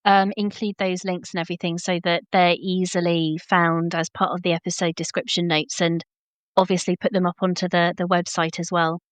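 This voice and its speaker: A woman's voice: lowish voice, level tone, normal speed, no echo. A woman hosting a podcast interview, talking conversationally with fillers like um and kind of. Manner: conversational, with kind ofs and ums. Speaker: podcast host.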